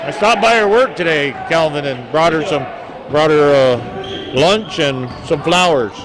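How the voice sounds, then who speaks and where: A man doing folksy, joking play-by-play of a local high school basketball game. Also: expressive, unhurried. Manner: folksy, jokey, stumbles over player names. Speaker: play-by-play announcer. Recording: noisy gym broadcast audio. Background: gym ambience and bouncing basketballs.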